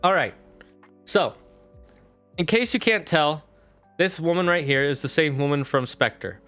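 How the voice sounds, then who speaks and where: A man streaming live, chatting casually as he recaps a film in a rambling, animated way with lots of fillers. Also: on the high side, a little slow, soft background music.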